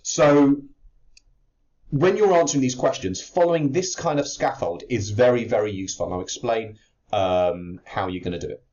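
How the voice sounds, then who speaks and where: In slightly dull lo-fi audio, a man with a mid-range, slightly mellow voice talks animatedly at normal speed. He's teaching chemistry exam technique, writing out a worked answer and explaining it step by step, with fillers and restarts along the way.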